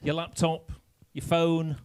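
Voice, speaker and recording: A man's voice: on the high side, monotone, slow pace, darkish tone, clear, resonant tone. A man with a Lancashire accent hosting a band's live stream, cheery and rambling, poking fun at himself. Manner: cheery, rambling, self-mocking. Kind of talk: live stream banter and announcing. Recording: live stream with band music behind.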